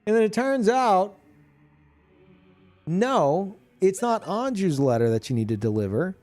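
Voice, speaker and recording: Animated, profane male streamer. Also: high-pitched, unhurried. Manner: animated, profane, laughing often. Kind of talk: casual chat about a video game.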